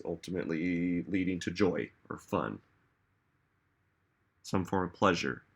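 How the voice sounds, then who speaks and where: A man's voice: sits low, lively intonation, measured pace, long pauses, husky. A man giving a reflective motivational talk, musing aloud and asking listeners many rhetorical questions. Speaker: self-help speaker.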